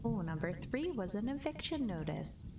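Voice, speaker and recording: A woman giving soft, unhurried bedtime commentary while playing a video game, gently amused. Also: mid-range voice, very animated, recorded from a distance, music in the background. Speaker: gaming video host. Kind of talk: cozy bedtime gameplay commentary.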